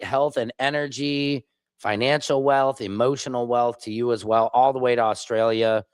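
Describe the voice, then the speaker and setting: A man chats loosely on his livestream, jumping from point to point and slipping into mocking impressions. His voice sits at an ordinary middle pitch, and the sound is dry and close with no room echo. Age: adult, father of children. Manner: rambling, digressive, mocking impressions. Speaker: streamer, independent commentator. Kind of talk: casual livestream commentary. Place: home studio.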